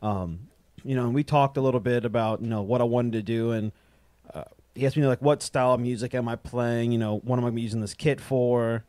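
A man's voice: medium pitch, steady tone, brisk, mellow, no echo. A man in casual chat, rambling as he tells a story and acts out the dialogue he quotes. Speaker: drummer and guest.

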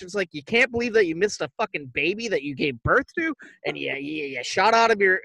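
A man co-hosting a podcast, casually retelling a movie plot in a rambling, profane way and tossing off quick impressions of the characters. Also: high voice, expressive, creaky, pushed and bright, no echo, rough recording. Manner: rambling, profane, acts out quotes loosely. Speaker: podcast co-host. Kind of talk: casual movie recap chat.

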